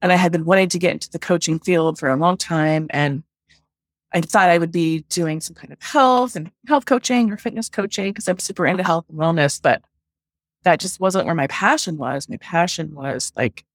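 A woman's voice: lowish voice, normal speed, dry recording, clean studio sound. A woman working as a love coach, telling her story in a casual interview, chatty and full of "like", acting out her own past thoughts.

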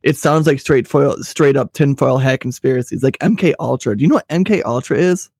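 A man's voice: medium pitch, a little fast, a little mellow, husky, no echo, studio quality. A man co-hosting a casual political chat show, rambling and swearing freely. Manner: rambling, profane, crude. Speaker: podcast co-host.

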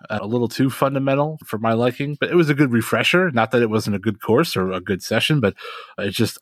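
A man co-hosts a casual podcast, telling his stories with lively, animated energy and laughing often. His voice sits at a medium pitch. The recording is dry and close, with no room echo. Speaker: podcast co-host. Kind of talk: casual chat.

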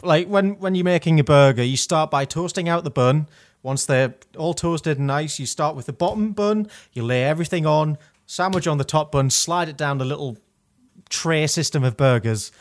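A man chatting casually as a podcast co-host, telling a wry, animated story about an old job. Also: a little high. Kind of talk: casual chat.

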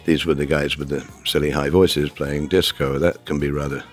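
A man's voice: rumbling low, level tone, moderate pace, faint music behind. A man from England answering interview questions in a thoughtful, rambling way with many asides. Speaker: guest expert.

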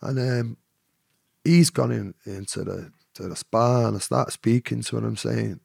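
Gravelly Mancunian man telling a story. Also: medium pitch, brisk, a little mellow, no echo, clean studio sound. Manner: rambling, fillers, "you know what I mean". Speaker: podcast guest. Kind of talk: storytelling in an interview.

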